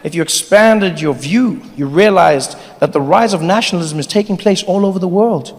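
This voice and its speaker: South african guy doing stand-up, high voice, big echoey theater with a crowd. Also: moderate pace. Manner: animated storytelling, exaggerated. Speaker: stand-up comedian. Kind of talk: stand-up comedy. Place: large theatre, live audience. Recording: live hall, audience laughter.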